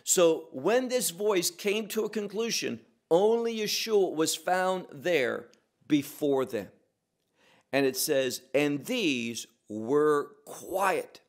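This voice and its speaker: A man giving a verse-by-verse Bible teaching, slow and emphatic, with pauses and occasional restarts. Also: fairly high pitch, animated.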